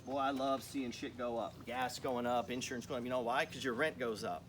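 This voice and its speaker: A man's voice: mid-range voice, fairly even intonation, a little fast, fairly bright tone, a little hiss or hum. A man hosting a finance channel, giving a blunt, profane, confrontational motivational rant full of rhetorical questions.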